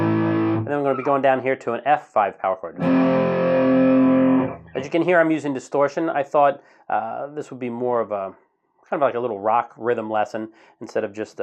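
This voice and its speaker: A man teaching a guitar strumming lesson in a relaxed, casual way, counting the beats slowly aloud. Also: a little high. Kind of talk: casual instructional talk. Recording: guitar playing in the background.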